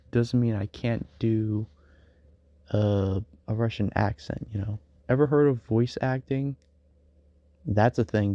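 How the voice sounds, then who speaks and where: Rambling man, low voice, muffled. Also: mellow, dry recording. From United States. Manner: rambling, many fillers and restarts. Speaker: streamer. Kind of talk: casual late-night stream monologue.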